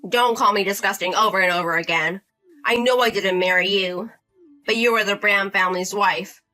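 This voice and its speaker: A woman's voice: medium pitch, normal speed, bright, forceful tone, soft background music, lightly acted. A woman voicing an arrogant, entitled man in his thirties who talks down and gives orders. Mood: scolding. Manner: bossy, condescending, demanding.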